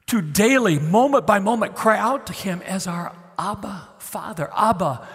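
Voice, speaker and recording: A middle-aged man preaching a sermon as a guest preacher, swinging from loud pleading to hushed, tender near-whispers. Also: sits high, expressive, moderate pace, few pauses. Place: church sanctuary. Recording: long hall reverb.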